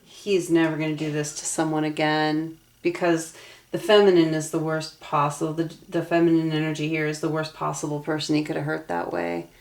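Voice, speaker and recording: A woman's voice: deep voice, brisk, a little mellow. A young adult woman giving a tarot reading, earnest and emotionally invested as she talks through the cards aloud. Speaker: tarot reader.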